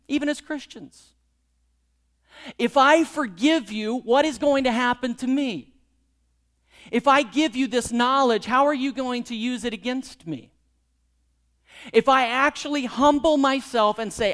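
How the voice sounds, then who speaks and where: A man's voice: extremely high pitch, normal speed, a bit bright. A middle-aged man preaching a sermon, telling a personal story and then pressing the congregation with pointed rhetorical questions. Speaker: pastor.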